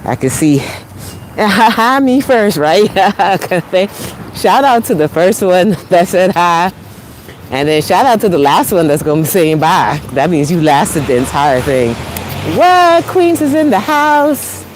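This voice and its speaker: A woman's voice: deep voice, unhurried, a little mellow, a little hiss or hum. A woman with a New York accent, originally from the Caribbean, giving an encouraging, chatty motivational talk while live-streaming on a walk, laughing often and calling out to viewers. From Caribbean, raised in New York. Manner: encouraging, upbeat, chatty with frequent laughs and rising exclamations. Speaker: motivational speaker, host. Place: outdoors on a walk near traffic.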